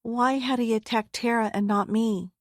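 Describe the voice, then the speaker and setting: A woman's voice: fairly high pitch, fairly even intonation, moderate pace, no echo. Earnest woman audiobook narrator, dry sound. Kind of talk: first-person memoir narration. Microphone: close studio mic. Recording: dry close studio sound.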